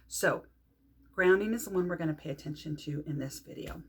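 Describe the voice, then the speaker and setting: A middle-aged woman leading a guided grounding meditation, calm and unhurried, pausing often between phrases. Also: low voice, a little hiss or hum. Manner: calm, unhurried, speaks with pauses and soft fillers. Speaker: meditation teacher.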